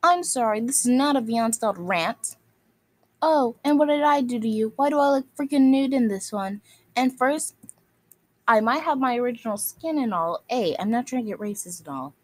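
A woman's voice: fairly high pitch, expressive, normal speed. A woman delivering an angry, scolding rant at other video makers, insulting them and circling back to the same phrases. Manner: scolding, insulting, repeats itself.

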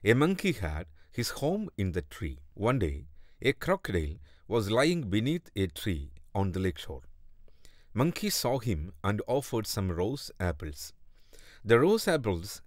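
Male narrator for a kids' fable, slow and deliberate, low and animated. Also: no echo, studio quality. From India. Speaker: storyteller. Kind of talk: scripted storybook narration.

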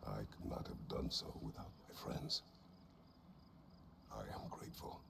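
A man voicing a stern, weary old war god in a video game, speaking in a grave, measured way. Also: fairly even intonation, noisy background, exaggerated voice. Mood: solemn. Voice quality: deep and gravelly.

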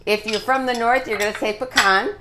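A woman hosting a cooking show, chatting casually and gushing while she gently instructs her guest in a studio kitchen. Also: a little high, steady tone, quick pace, background noise.

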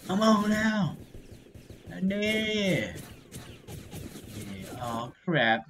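Excitable, bright-voiced gamer with lively pitch. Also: extremely slow, slight background noise. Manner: excitable, blurts reactions and yells at other players; slangy gamer talk. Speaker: gaming video creator. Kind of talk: casual let's-play commentary.

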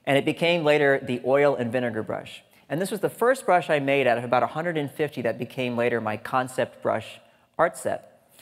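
A man's voice: medium pitch, lively intonation, brisk. A man giving a humorous conference talk, chatty and joking, with asides to the audience. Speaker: conference speaker. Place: large lecture hall stage. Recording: hall reverb on a stage talk.

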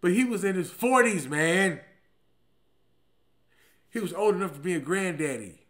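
A male comedian in his forties with a slightly high-pitched voice, riffing through a profane, slangy story. He punches lines out loud and then drops into low, muttered asides. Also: normal speed. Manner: animated, swings between loud emphatic bursts and low muttered asides.

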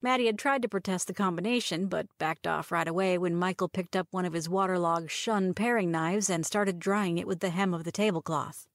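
A woman's voice: on the low side, fairly quick, few pauses, no room sound. Woman narrating a romance story, dry sound. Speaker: audiobook reader.

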